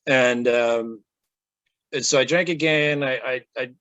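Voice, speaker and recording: A man speaking as an interview guest, telling a personal story in a casual, animated way and acting out the quoted lines. His voice sits at a middle pitch, recorded dry with no room echo. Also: measured pace, lo-fi sound. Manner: animated, acts out quoted speech.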